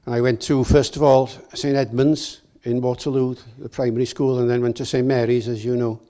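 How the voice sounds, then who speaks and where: A man's voice: mid-range voice, brisk. Older man giving a lecture. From Wales. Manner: lively, anecdotal, chuckling. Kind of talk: public lecture. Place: lecture hall.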